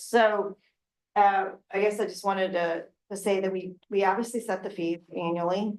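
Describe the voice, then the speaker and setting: A woman's voice: mid-range voice, fairly even intonation, normal speed, a little mellow, distant mic. A middle-aged woman, a regional council president, speaking candidly and chattily at a council work session. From Oregon. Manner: candid, chatty, frank, with laughs and filler words. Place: city council meeting room. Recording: roomy meeting room with faint noise.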